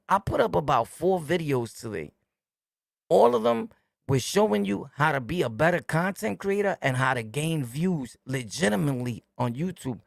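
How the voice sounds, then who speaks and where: A man's voice: on the high side, gravelly, no echo, studio quality. A middle-aged man with a New York accent, hosting a streetwise monologue rant in blunt, repetitive, preachy slang. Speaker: YouTube host.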